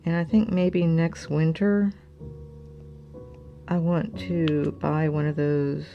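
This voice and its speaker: A woman's voice: low-pitched, flat delivery, slow pace, gravelly, lo-fi sound, faint music behind. A woman in her sixties chatting casually and venting while she works on a craft project, drifting into muttering to herself. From United States. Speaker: crafting channel host. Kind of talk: casual chat while diamond painting.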